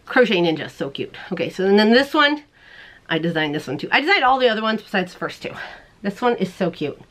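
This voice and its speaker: A woman hosting a crochet show, chatting casually to the camera in a bubbly way, laughing often and putting on silly squeaky voices. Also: very animated, fast talker, a bit bright. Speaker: crochet podcast host.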